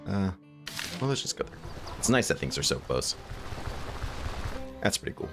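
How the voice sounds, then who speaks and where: Super low gravelly guy rambling while gaming, chill chat with viewers. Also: very animated, normal speed, over music. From United States. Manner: rambling, musing aloud between game remarks. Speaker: gaming streamer. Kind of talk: casual gameplay chat with viewers.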